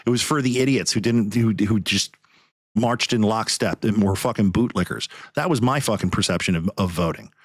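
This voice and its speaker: A man's voice: on the low side, normal speed, dry recording, studio quality. A podcast host man ranting in anger, swearing heavily as he talks. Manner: angry, profane, heavy swearing. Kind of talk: heated podcast rant.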